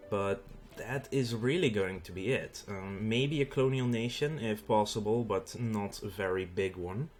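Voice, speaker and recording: A man's voice: fairly low pitch, a bit bright. A Dutch man with a Dutch accent hosting a let's play, explaining the game in a casual way with frequent fillers. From Netherlands. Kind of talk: gameplay commentary.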